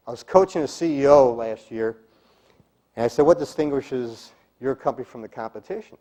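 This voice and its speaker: A man's voice: mid-range voice, a little fast, warm tone. A middle-aged man giving a speaking-skills seminar to a live group, emphatic and demonstrative, sometimes dropping to a whisper to make a point. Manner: emphatic, demonstrates delivery, drops to a whisper for effect. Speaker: speaking coach.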